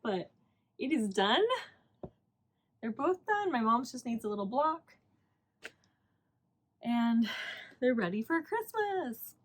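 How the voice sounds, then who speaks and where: A woman's voice: fairly high pitch, big pitch swings, takes it slowly, long pauses. A woman hosting a knitting podcast in casual chat, rambling and chatty and laughing often.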